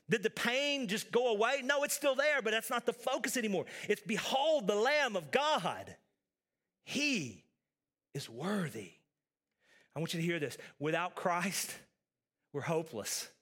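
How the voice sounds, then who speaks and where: A man preaching a sermon as pastor, building with emphatic repetition and then dropping to soft, intense tones. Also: high voice.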